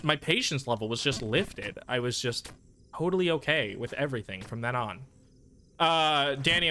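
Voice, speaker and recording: A slightly high, pushed, bright male voice tells a profane, rambling story to his chat as he streams a video game. It's casual gaming storytelling, full of ranting and self-deprecation.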